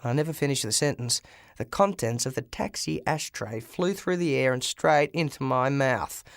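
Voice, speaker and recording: A man narrating a first-person audiobook with lively storytelling and shouted dialogue. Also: medium pitch, normal speed, no echo, studio quality.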